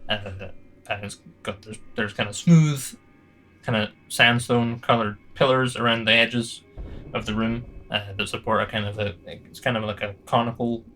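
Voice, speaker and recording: Rambling male game master, bright voice. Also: fairly low pitch, steady tone, moderate pace, soft background music. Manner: rambling, hesitant, lots of fillers. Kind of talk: narrating a tabletop game.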